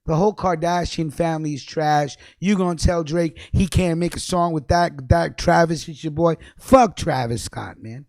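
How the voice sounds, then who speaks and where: A man ranting angrily on a livestream, cursing a lot, repeating himself, and jumping between low mutters and loud outbursts. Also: moderate pace, few pauses, dry recording, clean studio sound. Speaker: livestream host. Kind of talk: profane ranting commentary.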